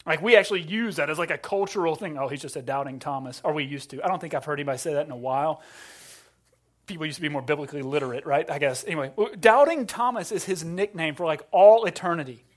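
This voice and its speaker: A pastor delivers a sermon in a conversational, self-deprecating style, talking fast. He often restarts words and drops to a low, quiet voice when he wants to emphasize something.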